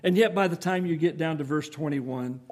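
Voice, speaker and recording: A man preaching a sermon, explaining scripture earnestly and emphatically, with rhetorical questions to his listeners. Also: fairly high pitch. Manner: reads scripture slowly in old-fashioned English.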